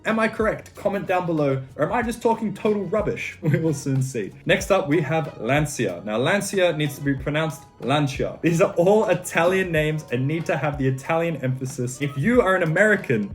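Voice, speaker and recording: An Australian man hosting a comedic car-brand pronunciation tutorial, emphatic and quick to mock himself. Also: fairly high pitch, soft background music. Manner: joking, self-mocking, emphatic. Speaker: car video host.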